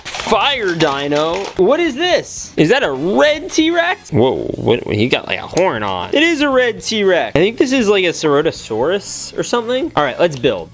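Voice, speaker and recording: A young man excitedly narrating a toy unboxing, joking and talking to the toys and to viewers. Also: high-pitched, normal speed, few pauses. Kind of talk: excited casual unboxing commentary. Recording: soft music bed under voice. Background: soft background music.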